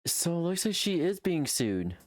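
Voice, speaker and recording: A woman's voice: lowish voice, very animated, moderate pace, no room sound, clean studio sound. A woman streamer reacting on a live stream, casually, swearing a lot, with frequent fillers and restarts.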